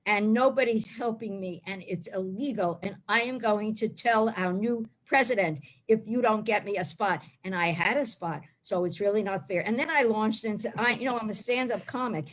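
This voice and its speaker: A woman's voice: mid-range voice, moderate pace, few pauses, a little hiss or hum. Brash rambling woman doing stand-up. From the Bronx. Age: 40s. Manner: brash, rambling, blunt storytelling. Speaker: stand-up comic. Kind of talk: stand-up set on a video call. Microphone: video call.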